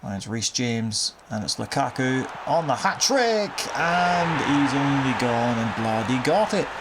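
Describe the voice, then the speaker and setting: A man's voice: medium pitch, animated, takes it slowly, background noise. A young man casually commentating a football video game, wry and exasperated, cursing at his team's misfortunes. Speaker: gaming commentator.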